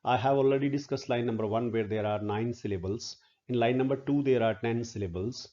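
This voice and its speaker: A male professor giving a classroom lecture on poetry, pausing often with "uh" and counting syllables aloud. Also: mid-range voice, dark tone, dull audio. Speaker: literature professor.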